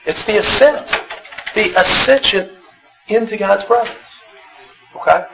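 A man's voice: sits high, measured pace, creaky, bright, forceful tone, rough recording. A man teaching a Bible class, talking conversationally, asking the group questions and often repeating words as he restarts. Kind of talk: interactive church class lecture.

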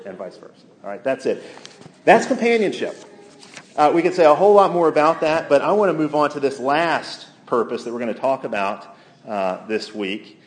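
A man preaching a sermon to a week-long gathering, earnest and emphatic, slowing down to stress key phrases and quoting scripture and authors aloud. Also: mid-range voice, animated.

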